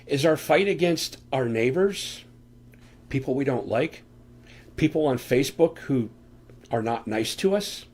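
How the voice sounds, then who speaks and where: Husky man teaching a home Bible lesson. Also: medium pitch, animated, unhurried, pauses often, a little mellow. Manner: earnest, conversational preaching with rhetorical questions. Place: room at home. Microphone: desk microphone on camera.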